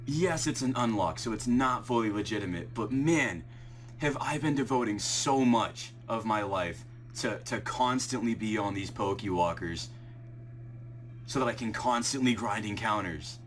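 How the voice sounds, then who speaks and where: A young shiny-hunting video creator records an excited live reaction vlog, veering between ecstatic shouts and laughter and quick, low explanations, shaky and breathless. He mutters counts quietly, trembling with excitement as his heart races. There's slight background noise.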